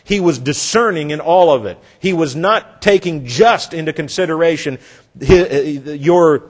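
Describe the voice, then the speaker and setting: Brief: male preacher, fairly high voice, earnest storyteller, sermon. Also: a little slow, slightly rough. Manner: earnest storytelling, dropping soft for effect.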